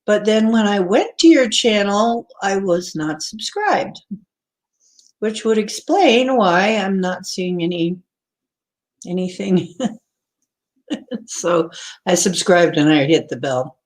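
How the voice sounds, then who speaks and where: A woman's voice: mid-range voice, lively intonation, slow, long pauses. A woman hosting a live stream in a casual, rambling way, greeting viewers by name and chatting before a craft lesson. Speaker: livestream host.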